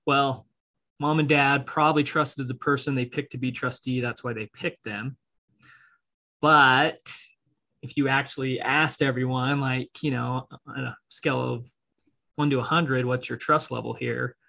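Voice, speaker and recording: A man co-hosting a relaxed podcast chat about estate planning. He walks through how trusts and wills work in plain, easygoing terms, and laughs easily. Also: medium pitch, measured pace, creaky. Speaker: estate planning attorney co-host. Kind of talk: casual podcast conversation.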